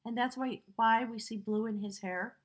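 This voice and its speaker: A woman's voice: fairly high pitch, steady tone, normal speed. A woman giving a spiritual tarot reading, earnest and emotional, rambling with fillers. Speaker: tarot reader.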